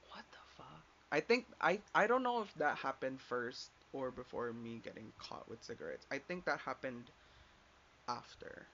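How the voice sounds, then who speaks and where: Over a dull, lo-fi recording with faint noise behind him, a young man hosting a podcast tells a personal story in a rambling, casual rant. His voice is medium-pitched and fairly bright, and he fills it with filler words and swears while quoting others.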